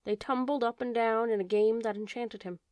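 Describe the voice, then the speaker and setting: A woman reading an old fairy tale aloud in a gentle, measured way. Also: on the high side, fairly even intonation, no echo. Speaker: audiobook narrator. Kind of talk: storybook narration.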